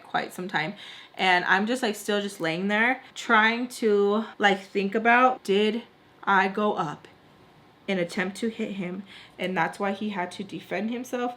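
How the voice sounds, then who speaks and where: A woman's voice: medium pitch, a bit bright. A young woman vlogger telling a casual storytime, chatty, filling her speech with "like" and acting out what others said. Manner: chatty, heavy use of "like", acts out quoted lines.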